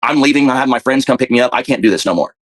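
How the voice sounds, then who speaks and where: A man casually telling a story, fast and profane, often repeating himself. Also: medium pitch.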